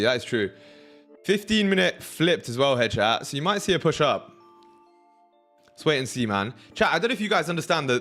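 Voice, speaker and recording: Casual young streamer, hypes his chat, thinks aloud, soft music bed. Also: mid-range voice. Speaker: trading livestream host.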